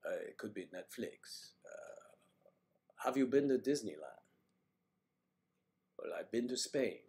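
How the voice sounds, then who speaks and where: An older East Coast man hosts a livestream, chatting loosely and rambling as he reads viewer comments aloud and answers people by name. His voice is mid-pitched for a man, expressive and a little mellow, with a slow pace.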